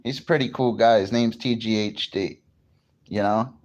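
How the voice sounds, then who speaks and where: A man's voice: on the low side, fairly even intonation, normal speed, highs cut off. A man from New Jersey chatting casually on a morning livestream, greeting viewers and swearing freely. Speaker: livestream host.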